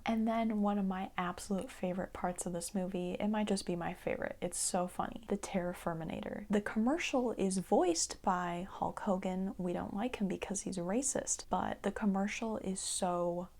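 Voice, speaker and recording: A woman vlogger chatting casually about an animated movie, rambling a little, laughing easily and slipping into whispered asides. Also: medium pitch, moderate pace, few pauses. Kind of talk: casual movie review chat.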